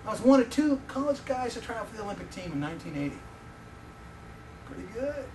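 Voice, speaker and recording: A man in his fifties preaches from a distance in an echoey hall, his voice pitched high for a man. He tells personal stories with animation and teases his listeners. A faint hiss hangs under his words. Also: fast talker. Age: 50s. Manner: animated, joking with the audience. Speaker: visiting preacher. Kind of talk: sermon with personal storytelling.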